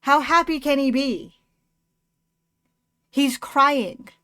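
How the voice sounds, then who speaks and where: A young adult woman chatting casually to her stream while she crochets, excitable and quick to swear. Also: high-pitched, no echo, clean studio sound.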